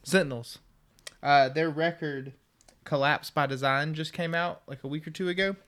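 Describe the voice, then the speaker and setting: A man's voice: a little high, steady tone, normal speed, fairly bright tone. A man co-hosting a podcast, joking and teasing in casual chat. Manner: jokey, spells words out, teasing. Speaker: podcast co-host.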